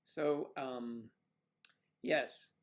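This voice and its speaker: A man's voice: mid-range voice, steady tone, drawn-out words, a bit bright. A man hosting a casual livestream, chatting and teasing viewers with jokey asides. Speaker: livestream host. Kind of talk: casual chat reading viewer comments.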